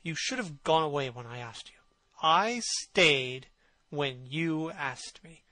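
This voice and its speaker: An earnest, devoted painter, voiced by a male reader, grave and sincere in a bright, fairly high voice. The recording is dry and close. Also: expressive, slow pace, dry recording, exaggerated voice, rough recording. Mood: bitter.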